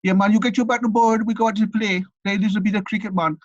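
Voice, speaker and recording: A man voicing cheeky, laid-back teenage Jamaican boys in a loud, high, sing-song Jamaican accent. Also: steady tone, fast talker, highs cut off, natural voice.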